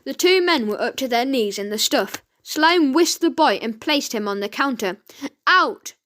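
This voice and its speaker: A woman reading a children's audiobook aloud, slowly and with the odd stumble and self-correction. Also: high voice, lively intonation, fairly bright tone. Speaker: reader.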